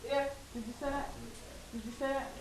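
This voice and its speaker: A woman from a campus office, quickly questioning and mock-scolding, recorded in an echoey, noisy room. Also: sits high, fairly even intonation. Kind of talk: casual chat.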